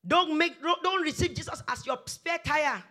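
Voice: sits high, normal speed, pushed and bright. A preacher delivering a sermon, emphatic and repeating exhortations over and over.

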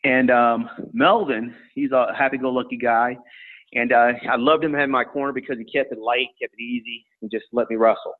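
A middle-aged man recalls his wrestling days in an easygoing, meandering way, full of ums and restarts. His voice sits at an ordinary pitch for a man. It comes through a narrow, tinny, phone-like line. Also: moderate pace. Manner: relaxed, rambling storyteller with many fillers. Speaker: former college wrestler and coach. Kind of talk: storytelling in an interview.

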